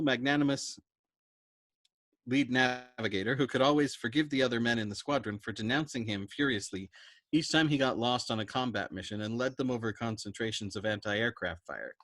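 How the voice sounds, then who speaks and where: A man reading a novel aloud as a storyteller, in an expressive, animated way. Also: mid-range voice, no echo.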